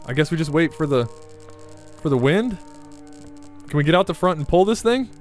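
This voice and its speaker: A man's voice: on the high side, expressive, a little fast, pauses often, soft background music. A young man giving casual let's play commentary, chatting to himself and coaxing his vehicle along, yelping when things go wrong. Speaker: gameplay commentator.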